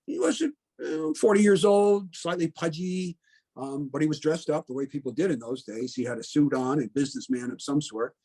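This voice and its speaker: A man's voice: a little high, expressive, moderate pace, warm tone. A man in his seventies from Connecticut, a veteran telling his story in a plainspoken, blunt way, often in the present tense and with plenty of "you know". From Connecticut, USA. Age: 70s. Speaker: veteran interviewee. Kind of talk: oral history storytelling.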